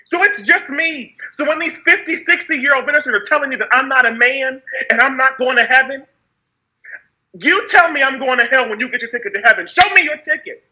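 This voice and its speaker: Impassioned woman with a very high, bright voice. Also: fairly quick, poor audio. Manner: raw, impassioned, with repeated phrases for emphasis. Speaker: speaker sharing her story. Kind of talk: personal testimony monologue.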